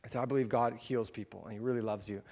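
A man's voice: mid-range voice, fairly even intonation, fast talker, darkish tone, long reverb tail. A man, a pastor, telling a story in a casual, chatty sermon to his church. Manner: casual, chatty, with fillers and laughs. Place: church sanctuary.

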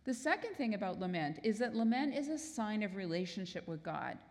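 Woman pastor giving an earnest teaching sermon, medium pitch, echoing church hall. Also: big pitch swings, a little fast, a little mellow. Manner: earnest, explanatory, acts out quoted prayers. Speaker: preacher.

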